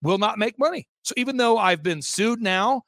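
A man with a high voice tells an animated anecdote as an interview guest. He acts out the people he quotes and restarts his sentences often. The sound is dry and close. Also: normal speed, no echo. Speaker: interview guest, event organizer. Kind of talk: fast storytelling anecdote.

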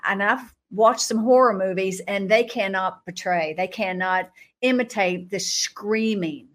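Woman telling a dramatic testimony. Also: a little slow. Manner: dramatic, acts out her own past thoughts with sudden pitch jumps; laughs between phrases. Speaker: guest sharing a personal testimony. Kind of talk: animated testimony storytelling in an interview.

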